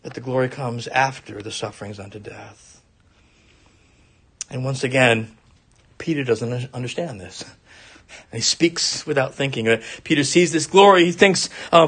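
Husky-voiced man preaching a sermon. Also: fairly high pitch, moderate pace, a bit bright. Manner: earnest expository preaching. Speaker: pastor.

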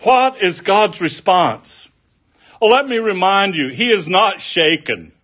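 A man preaching a sermon, deliberate and folksy, mixing scripture with homespun stories. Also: sits high, animated, a bit bright.

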